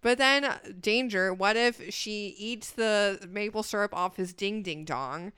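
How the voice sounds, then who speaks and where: A woman's voice: medium pitch, a little slow, sharp tone, clean tone, no room sound, clean studio sound. A young woman co-hosting a podcast, chatting casually and jokingly, often giggling and rambling about a dating show. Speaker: podcast co-host.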